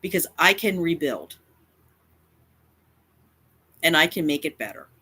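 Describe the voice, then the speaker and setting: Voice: medium pitch, big pitch swings, a little slow, pushed and bright, husky. A YouTuber speaking straight to camera in a confrontational rant, defiant and emphatic, often repeating lines for effect. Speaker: cat advocacy YouTuber.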